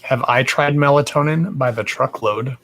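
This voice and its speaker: A man's voice: mid-range voice, moderate pace, a bit bright, poor audio. Chatty Texan-accented man hosting a live stream. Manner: chatty, greets viewers with endearments, swears casually. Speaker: psychic live-stream host. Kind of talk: casual live-stream chat.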